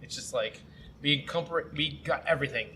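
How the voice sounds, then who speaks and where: A man's voice: a little high, normal speed. A man from Saint Louis chatting casually in a brewery, joking and swearing freely. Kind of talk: casual chat. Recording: busy brewery crowd behind.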